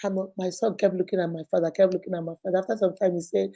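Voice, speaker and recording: A middle-aged Nigerian-accented woman hosts a relaxed live question-and-answer session, racing along in a low, gravelly voice. She's lively, tells stories, laughs a lot, and slips into pidgin.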